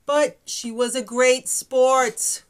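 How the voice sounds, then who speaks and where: A woman's voice: high-pitched, fairly even intonation, slow pace, clean tone. A young adult woman hosting a recap show in casual chat, joking and snarky, often laughing.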